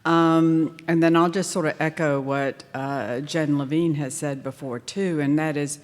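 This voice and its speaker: A woman's voice: low voice, steady tone. Woman commenting from a conference floor. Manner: appreciative, thoughtful, pausing. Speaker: conference attendee asking a question. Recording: reverberant conference hall.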